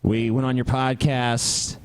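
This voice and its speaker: A man's voice: medium pitch, flat delivery, slow pace, smooth, no echo. A man hosting a podcast, arguing bluntly in casual talk. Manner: blunt, argumentative. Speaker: podcast host.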